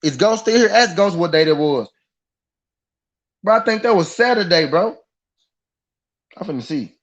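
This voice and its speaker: A man rants on a boxing talk stream, swearing freely and hammering the same point again and again. His voice sits a little high, and the live-stream audio comes through dull and lo-fi. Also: normal speed. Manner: animated, profane, repeats himself for emphasis. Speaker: boxing podcast host. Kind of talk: heated live-stream rant. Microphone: live-stream mic.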